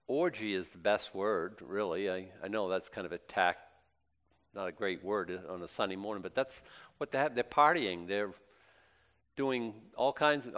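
A man's voice: mid-range voice, a bit bright, smooth. A man preaching a sermon in a chatty, self-deprecating way, with joking asides between scripture readings. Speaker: pastor.

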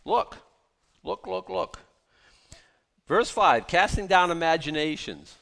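A man preaching a sermon as pastor, animated and emphatic, repeating key phrases for weight. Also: high voice, slow pace, vocal fry.

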